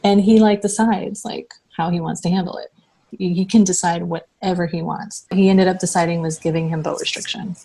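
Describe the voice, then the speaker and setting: Woman, from the US, slightly low voice, halting, restarts, interview guest. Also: steady tone, gravelly, dark tone, slightly rough. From United States. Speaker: interviewee sharing her story. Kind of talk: personal recounting.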